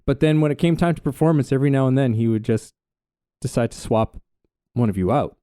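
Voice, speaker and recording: Man recalling a story on a podcast, mellow voice, dry close mic, lots of "like" and restarts. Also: medium pitch, brisk, clean tone, no room sound. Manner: storytelling, hesitant, many fillers. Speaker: podcast co-host. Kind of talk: casual conversational podcast.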